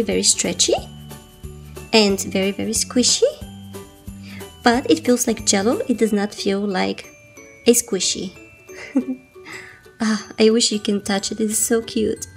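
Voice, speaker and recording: A woman's voice: a little high, fairly even intonation, measured pace, creaky, pauses often, soft background music. A woman hosting an unboxing vlog, a little sick and slightly out of breath, giggling and gushing over each item as she draws out repeated words. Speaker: host.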